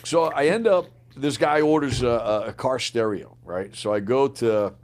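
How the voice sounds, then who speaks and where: A man in his sixties, an army veteran and podcast guest, telling stories in an animated way, swearing often and calling the listener man and bro. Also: medium pitch, normal speed. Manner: animated, profane, says man and bro a lot. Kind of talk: storytelling in a podcast interview.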